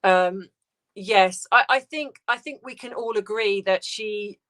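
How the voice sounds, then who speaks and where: A woman hosting a casual livestream, reading out viewer comments and answering in a soft, hesitant, sympathetic way with many restarts. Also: medium pitch, slow. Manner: sympathetic, tender replies to viewers.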